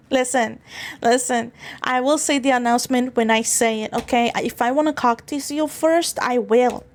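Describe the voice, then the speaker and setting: A woman's voice: a little high, a little slow. A woman streamer chatting casually with her viewers, giggling often, rambling and crude, stumbling and restarting her words. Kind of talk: casual livestream chat.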